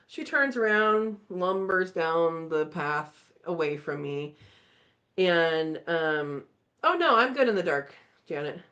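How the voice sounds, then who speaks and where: A woman hosting a live chat, telling a story in a casual, animated way and acting out the voices. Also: medium pitch, slow, highs cut off. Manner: animated, acts out voices in her stories. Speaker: channel host.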